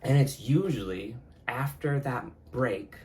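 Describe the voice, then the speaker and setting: A man's voice: medium pitch, takes it slowly, a little mellow, a little hiss or hum, rough recording. A young man hosting his own podcast, talking alone in a casual, reflective way, swearing freely and often laughing. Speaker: podcast host. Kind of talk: casual solo monologue.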